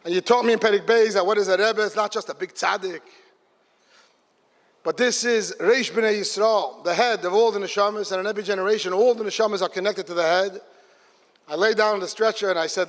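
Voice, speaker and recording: High-voiced man telling a story in a hall. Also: a little fast. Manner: animated storyteller, acting out dialogue. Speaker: speaker at a religious gathering. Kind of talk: storytelling talk at a gathering. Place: large hall. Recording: live hall with long reverb.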